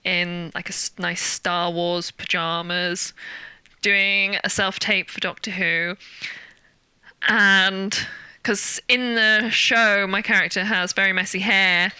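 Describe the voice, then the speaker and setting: Young british woman, very bright voice, dry close sound, animated storytelling. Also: slow pace, smooth, no echo. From Britain. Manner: animated storyteller, acts out quotes with big jumps in pitch. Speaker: guest actor. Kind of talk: casual interview chat.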